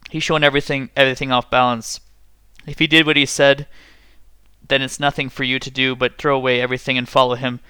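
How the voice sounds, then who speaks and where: A man voicing a menacing escaped convict in a story reading, speaking slowly in a rural drawl. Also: medium pitch, flat delivery, pushed and bright, smooth, dry recording, natural voice. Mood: bitter.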